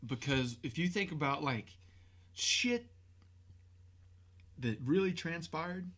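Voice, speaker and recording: A man's voice: on the high side, lively intonation, slow pace, a bit bright. A man co-hosting a podcast in casual chat, laid-back, with folksy exclamations. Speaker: podcast co-host.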